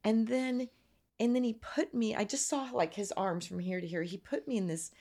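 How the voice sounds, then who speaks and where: A woman telling her personal faith story as an interview guest, earnest and halting, near tears at times. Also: medium pitch, fairly even intonation, dark tone. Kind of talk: emotional personal testimony.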